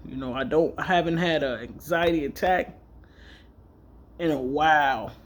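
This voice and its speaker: A man's voice: on the high side, unhurried, a little hiss or hum. A man vlogging, telling a personal story candidly and emotionally, rambling and correcting himself as he goes. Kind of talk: casual personal storytelling vlog.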